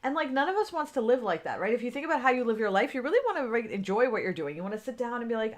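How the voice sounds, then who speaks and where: A woman's voice: on the high side, lively intonation, very fast, few pauses. A woman in her forties coaching business owners on a livestream. She talks off the cuff, chatty and loose, full of fillers. Now and then she greets viewers by name. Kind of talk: unscripted livestream talk.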